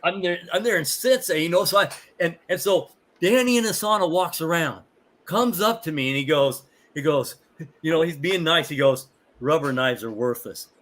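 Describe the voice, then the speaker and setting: A man's voice: a little high, moderate pace. Rambling older man telling stories. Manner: rambling, animated, many fillers and restarts. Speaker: martial arts instructor, guest. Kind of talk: casual storytelling.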